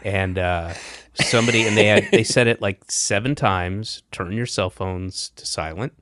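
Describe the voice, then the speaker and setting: A man's voice: lowish voice, a little slow, fairly bright tone, no echo. A middle-aged man hosting a podcast, chatting casually with a dry, rambling, self-deprecating manner. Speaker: podcast host. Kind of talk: casual comedic chat.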